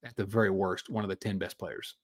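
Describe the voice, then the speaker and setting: A man in his forties from the Midwest, co-hosting a casual sports podcast, chatty and quick to laugh. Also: low voice, fairly even intonation. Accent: Midwestern American. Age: 40s. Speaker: podcast co-host.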